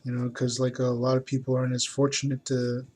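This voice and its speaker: A man's voice: mid-range voice, completely flat delivery, brisk, darkish tone. A man talking casually while he draws, rambling and hesitant, with many fillers and restarts. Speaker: artist. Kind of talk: casual talk while drawing.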